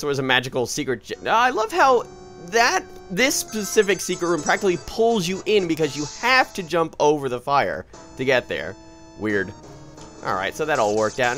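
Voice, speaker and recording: A man giving casual, rambling commentary over a video game he is playing, often correcting himself and breaking into excited outbursts. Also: mid-range voice. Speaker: let's play host. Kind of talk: gameplay commentary. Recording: faint game music behind.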